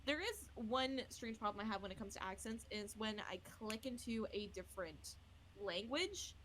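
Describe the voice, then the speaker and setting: A woman's voice: medium pitch, animated, normal speed, a bit bright, a little hiss or hum, low-quality recording. A woman hosting a casual podcast, chatty and self-deprecating, often laughing at herself. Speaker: podcast host.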